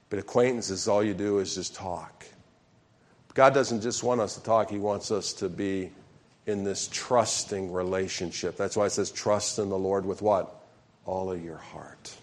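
A man preaching a sermon as pastor, calling questions out to the congregation and acting out sample prayers. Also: lowish voice.

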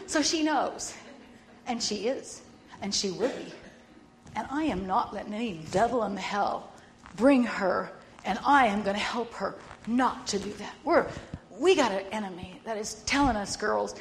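Loud, animated older woman. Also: sits high, moderate pace, a little hiss or hum. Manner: animated, storytelling, laughs often; loud and bossy by her own account. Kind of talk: casual faith-based chat.

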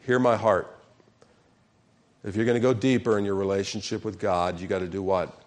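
A man's voice: lowish voice, fairly even intonation, moderate pace. A man preaching a sermon as pastor, calling questions out to the congregation and acting out sample prayers.

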